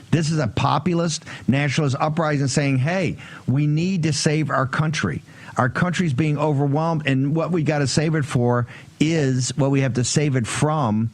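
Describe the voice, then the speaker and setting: A man hosting a political talk show, speaking forcefully in short punchy bursts. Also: mid-range voice. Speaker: host.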